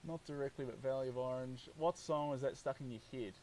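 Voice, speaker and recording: A man's voice: medium pitch, brisk, hardly any pauses, darkish tone, far from the mic, a little hiss or hum, rough recording. A man with a New Zealand accent chatting upbeat and casually while painting on a live stream, reading out viewer comments.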